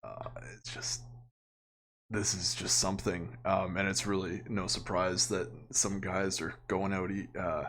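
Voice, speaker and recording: A man with a notably low voice hosts an offhand reaction commentary. He talks casually and opinionatedly, chuckling often as he goes. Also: flat delivery, measured pace, fairly bright tone, slight background noise. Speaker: commentary channel host.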